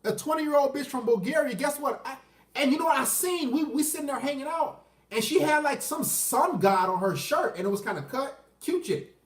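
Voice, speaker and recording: A man's voice: extremely high pitch, expressive, moderate pace, far from the mic. A man, ranting crudely on a livestream and answering chat questions. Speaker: dating commentary streamer. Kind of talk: unscripted livestream rant. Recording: roomy echo, off the mic.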